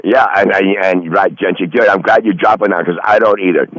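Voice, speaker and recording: A man's voice: low voice, fairly even intonation, a little fast, fairly bright tone. A man rambling in crude, profane casual chat, calling in from outdoors in his garden over a phone line. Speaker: regular call-in guest.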